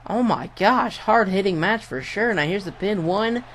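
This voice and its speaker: Excitable young man calling wrestling moves. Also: high-pitched, moderate pace. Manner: excitable, swears at big moves. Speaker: gameplay commentator. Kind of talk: casual play-by-play commentary over a wrestling video game.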